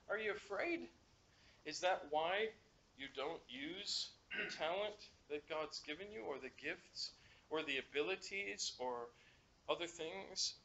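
A man's voice: a little high, a little slow, a little hiss or hum. An English pastor preaching a sermon in a church, talking animatedly and acting out the quotes he tells. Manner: animated, acts out quotes, laughs at his own points. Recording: echoey, slightly dull church recording.

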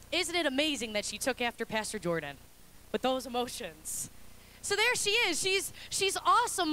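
A young adult woman pastor preaching a sermon with animated, humorous storytelling. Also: high-pitched, slight background noise.

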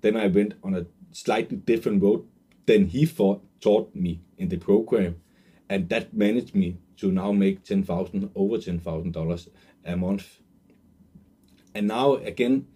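A man in his twenties telling an earnest, emotional personal story as a sales pitch, with many fillers and restarts. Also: measured pace, long pauses, warm tone, slightly rough. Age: 20s. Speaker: online marketer pitching a course.

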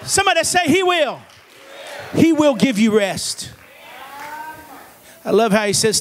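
A man with a strikingly high voice preaches a revival sermon in a church. He is fervent, calls on the congregation to answer back, and often climbs into shouts. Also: sing-song, measured pace, long pauses. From Cincinnati area. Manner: fervent, call-and-response preaching, rising to shouts. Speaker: evangelist preacher. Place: church sanctuary.

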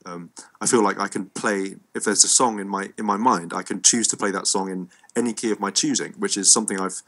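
A man's voice: fairly low pitch, fairly even intonation, fairly quick, a bit bright. An English man with a cold, teaching an online music lesson in a rambling, playful way with frequent ums. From England. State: has a cold.

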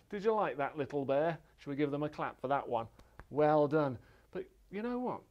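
A man's voice: a little high, moderate pace, highs cut off. A male librarian leading a children's singalong storytime, speaking in a playful, sing-song way to a toy bear and young viewers. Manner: sing-song, animated, playful voice for little kids.

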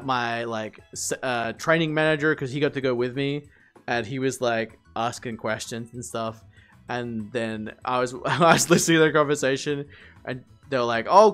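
A man's voice: medium pitch, moderate pace, fairly bright tone, clear, resonant tone, soft background music. A man chatting casually on a livestream, rambling, swearing and laughing often.

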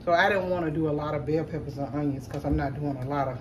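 A woman with a low voice talks casually to her viewers while she cooks. She sits well back from the camera microphone, so she sounds distant. A steady kitchen noise runs underneath her. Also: fast, reverberant. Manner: chatty, talks straight to viewers as "y'all". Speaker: cooking vlogger. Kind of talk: casual chat while cooking. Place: home kitchen. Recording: distant mic with noisy kitchen background.

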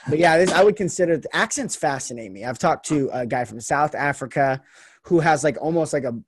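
Young west coast american dude hosting a podcast, rambly, says like a lot, dry close sound. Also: male voice, on the high side, expressive, a little fast, breathy edge, dry recording. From Las Vegas, United States. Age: young adult. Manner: chatty, rambling, lots of "like". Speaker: podcast host. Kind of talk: casual podcast interview.

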